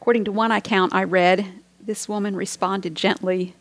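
A woman's voice: mid-range voice, steady tone, normal speed, no room sound. A middle-aged woman giving a devotional sermon as a Bible teacher, earnest and reflective, sometimes dropping to a near whisper.

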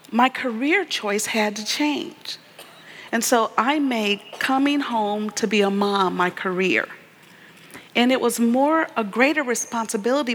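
A woman's voice: a little high, fairly bright tone. Earnest woman preaching in a reverberant hall. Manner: earnest, preacherly, calls for audience response. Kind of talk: sermon-style testimony.

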